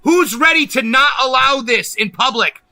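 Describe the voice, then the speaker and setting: A man's voice: very high voice, animated, moderate pace, very noisy. A man hosting a political livestream, ranting angrily and emphatically with lots of profanity. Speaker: livestream host.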